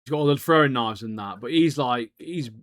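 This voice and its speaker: A man's voice: medium pitch, expressive, fairly quick, a crowd in the background. A man co-hosting a podcast, chatting casually in slang and acting out characters' lines. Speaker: podcast co-host. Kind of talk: casual chat.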